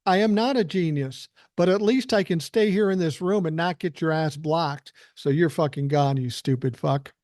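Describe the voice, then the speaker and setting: Broadcasting from his living room, this older podcast host launches into a profanity-laden, blunt live-stream rant. He talks at a moderate pace with hardly any pauses, in a voice on the high side and a little mellow, recorded dry with clean studio sound.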